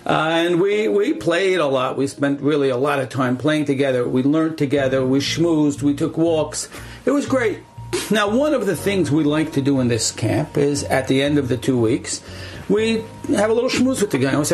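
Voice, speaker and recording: Gravelly-voiced rabbi telling a story. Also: male voice, a little high, normal speed, soft background music, rough recording. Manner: animated, acts out the dialogue, uses Yiddish words. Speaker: rabbi at a camp. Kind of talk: storytelling talk.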